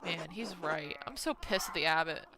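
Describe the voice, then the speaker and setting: A woman's voice: low voice, moderate pace, sharp tone, a little hiss or hum. A woman streaming a game, chatting casually and expressively, swearing when frustrated and laughing often. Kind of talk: casual gameplay commentary.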